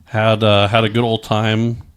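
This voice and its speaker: A man's voice: fairly low pitch, monotone, a little slow, smooth. A middle-aged man telling his own story in casual chat, rambling with many stammered restarts and frequent swearing.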